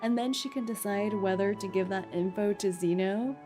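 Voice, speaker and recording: A woman's voice: medium pitch, normal speed, over music. A woman streaming a game playthrough. She chats playfully with her viewers, giggles often, and reads the story text aloud.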